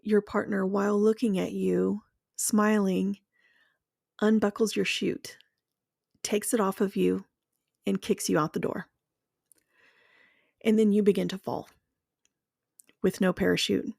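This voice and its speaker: Woman with a heavy vocal fry. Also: medium pitch, flat delivery, a little mellow, no echo, clean studio sound. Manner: slow, measured and earnest, with deliberate pauses. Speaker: speaker sharing a personal experience. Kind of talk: reflective monologue with guided imagery.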